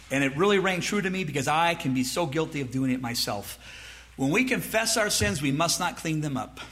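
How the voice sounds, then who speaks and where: Lively, bright-voiced male preacher. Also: a little high. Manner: emphatic preaching, mock dialogue with the congregation; rhetorical questions and repeated phrases. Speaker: pastor. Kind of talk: sermon.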